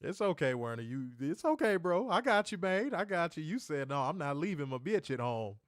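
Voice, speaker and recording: A man co-hosting a casual livestream, loud and joking. He swears freely, laughs often and swings from shouts down to mutters. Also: a little high, very animated, a little fast, no echo, studio quality. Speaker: livestream co-host.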